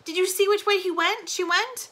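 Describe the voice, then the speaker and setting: A woman's voice: high-pitched, expressive, normal speed, pushed and bright, voice pushed up. A woman reading the part of an anxious young girl, her words urgent and climbing to frantic cries when scared.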